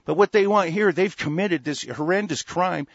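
A man's voice: sits high, normal speed, dry recording. Man ranting profanely, lo-fi audio. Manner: profane, heated and repetitive. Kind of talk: angry political rant.

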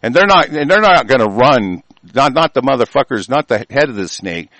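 A man hosting a show, delivering an angry, profanity-laden rant. He stumbles over restarts and swings between yelling and low muttering. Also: sing-song, brisk, no room sound, low-quality recording.

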